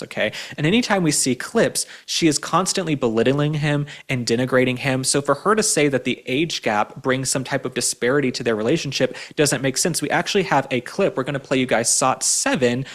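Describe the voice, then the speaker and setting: A man's voice: medium pitch, fairly bright tone. Emphatic male pop culture host. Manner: emphatic, keeps tagging lines with "okay?". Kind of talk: opinionated pop culture commentary.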